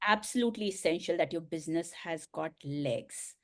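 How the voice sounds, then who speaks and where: A middle-aged woman, a coach and speaker, telling a personal story in an interview, earnest and emotional with soft laughs. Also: sits low, normal speed.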